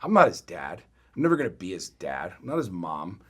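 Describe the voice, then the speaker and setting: A middle-aged man co-hosting a podcast, telling a story in a blunt, profane, animated way. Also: sits low, fairly quick, breathy edge. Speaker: podcast co-host. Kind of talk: casual chat.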